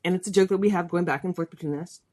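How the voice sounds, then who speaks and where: A woman's voice: on the low side, rapid-fire, a little mellow. A middle-aged woman hosting a podcast, telling a personal story in a chatty, candid way. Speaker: podcast host.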